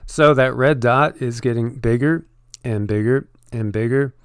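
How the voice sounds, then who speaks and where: A man talks through the news in a loose, meandering way, leaning on "you know" as he goes. His voice is smooth and clear, recorded close and dry with no room sound. He sits at a middling pitch for a man. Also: measured pace, no echo. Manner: rambling, filled with "you know" and restarts. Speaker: channel co-host commenting on news. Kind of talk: casual commentary over on-screen news.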